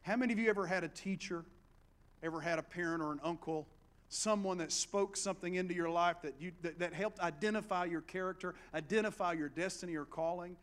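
A middle-aged man with an Appalachian accent, preaching a sermon and swinging between hushed storytelling and loud exhortation. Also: sits high, fairly quick.

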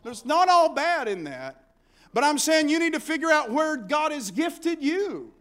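Preacher guy, real high voice, folksy, yells the big lines. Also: measured pace. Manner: folksy, animated preaching with shouted peaks. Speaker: pastor. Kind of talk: sermon.

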